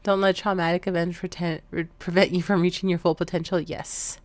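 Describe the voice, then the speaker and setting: A woman's voice: fairly low pitch, flat delivery, a little fast, no echo. A woman streamer chatting casually with her viewers, joking and rambling between thoughts. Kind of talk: casual live-stream chat.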